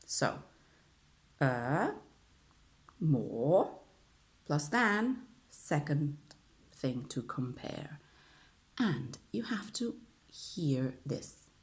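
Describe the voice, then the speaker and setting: A woman with an Italian accent, a native Italian speaker teaching an online English grammar lesson and drilling phrases with frequent "okay?" checks. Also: low-pitched. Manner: drills aloud with lots of repetition and "okay?".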